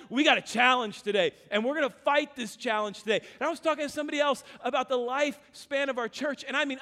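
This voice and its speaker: A middle-aged man preaching a sermon, telling stories and going hushed at the emotional moments. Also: very high voice. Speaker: pastor. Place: large hall with reverb. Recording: reverberant hall.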